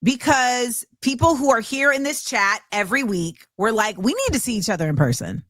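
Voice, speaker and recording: A woman hosting a casual talk show, telling stories in an animated way and acting out what people said. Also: on the high side, moderate pace, no echo. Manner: animated storytelling, acts out quotes. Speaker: host. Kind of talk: casual chat.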